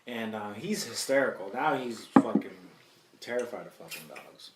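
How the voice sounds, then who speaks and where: A man's voice: lowish voice, animated, moderate pace, heavy background noise. A man in his thirties, a podcast host, telling a profane story in casual chat. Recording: echoey room, mic at a distance.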